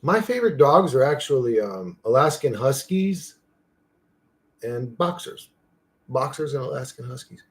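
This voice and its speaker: A young man rambles through a casual livestream, swearing freely as he answers his viewers' chat. His voice sits at an ordinary middle pitch. He wanders from topic to topic and keeps talking without much pause. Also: sing-song. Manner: rambling, profane, talks to his dog in a high playful voice. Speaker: livestream host.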